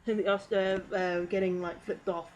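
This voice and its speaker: A woman's voice: medium pitch, moderate pace, poor audio. A woman streamer giving casual meme review commentary, rambling and giggling with lots of fillers. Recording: steady background noise.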